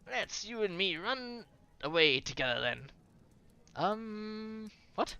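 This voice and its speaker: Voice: medium pitch, animated, takes it slowly, sharp tone, clean tone, pitched above the performer's own voice, exaggerated voice. A streamer doing a cheeky London woman. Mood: playful. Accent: London, as put on. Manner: teasing, slangy, affectionate. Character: cheeky London woman, Charlotte's affectionate companion. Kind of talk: reading a visual novel aloud.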